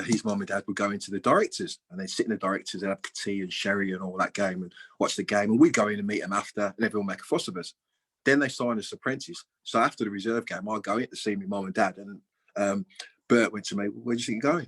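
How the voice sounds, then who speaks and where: A man in his sixties, a former footballer, chatting as an interview guest and telling lively anecdotes, acting out the dialogue and swearing freely over a video call. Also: lowish voice, slightly rough, rough recording. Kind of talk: casual storytelling interview.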